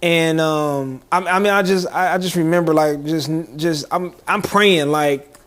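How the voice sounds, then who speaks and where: A young man co-hosting a podcast, his voice sitting a little high. He tells a story in animated, slangy chat and laughs often along the way. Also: unhurried, hardly any pauses. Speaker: podcast co-host.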